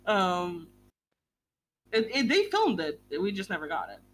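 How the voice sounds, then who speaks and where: Animated young woman hosting a book club. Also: mid-range voice. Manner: animated, quick and gushing, swears casually. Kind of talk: casual chat.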